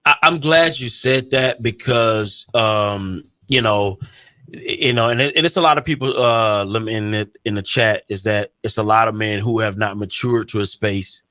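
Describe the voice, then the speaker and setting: Male podcast host, emphatic, with a bright voice recorded dry. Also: fairly low pitch, normal speed, no echo. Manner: emphatic, repeats phrases. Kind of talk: casual podcast chat.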